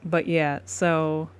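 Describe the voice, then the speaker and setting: A woman's voice: sits low, slight background noise. A young woman chatting casually with her viewers while she draws live, laughing often and calling them y'all. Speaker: livestreaming artist.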